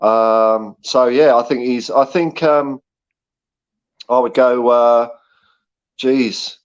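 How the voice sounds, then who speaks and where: A man's voice: mid-range voice, steady tone, slow pace, clear, resonant tone. A man giving blunt, rambling opinions as a guest pundit. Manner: rambling, blunt, many fillers. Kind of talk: casual chat. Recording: dull lo-fi call audio.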